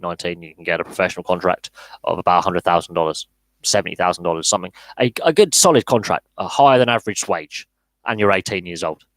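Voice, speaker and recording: Hosting a live sports podcast Q&A, this man speaks quickly in a low-pitched, fairly bright voice. The audio is poor and dry, and his talk is blunt and opinionated, with words repeated whenever he starts a sentence over.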